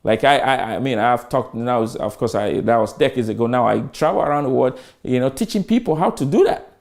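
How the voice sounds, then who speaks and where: A man's voice: mid-range voice, animated, brisk, gravelly, darkish tone. A man in his fifties giving an emphatic customer service training lecture, full of rhetorical questions and repetition.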